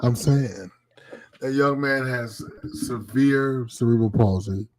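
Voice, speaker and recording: A man in his fifties co-hosting a casual comedic chat show, animated and swearing freely. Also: mid-range voice, takes it slowly, crowd noise. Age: 50s. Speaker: co-host.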